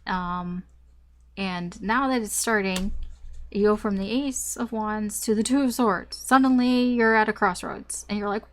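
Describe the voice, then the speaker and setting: A young woman gives a casual tarot reading in a loose, rambling way. She thinks aloud with plenty of fillers and the odd mild swear word. Her voice sits at an ordinary middle pitch for a woman. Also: fairly even intonation, takes it slowly. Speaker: tarot reader.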